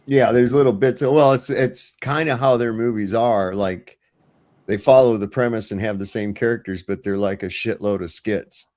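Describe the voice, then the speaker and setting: A man's voice: lowish voice, fairly even intonation, normal speed, a little mellow. A man hosting a livestream over a video call, chatting casually and telling crude, profane stories with animation. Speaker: livestream host. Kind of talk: casual chat.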